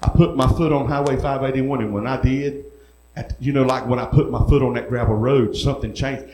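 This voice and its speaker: A man gives his testimony from the pulpit. He tells it in an earnest, folksy storytelling way, at an ordinary pitch for a man. His voice rings in an echoey room. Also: fairly even intonation, brisk, a little mellow. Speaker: preacher. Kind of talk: sermon testimony.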